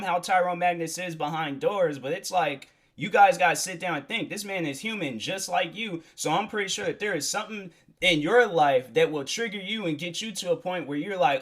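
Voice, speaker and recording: A man's voice: a little high, fairly quick, a bit bright. A young man hosting a solo podcast, talking in a casual, rambling, earnest way with many fillers and restarts. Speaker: podcast host.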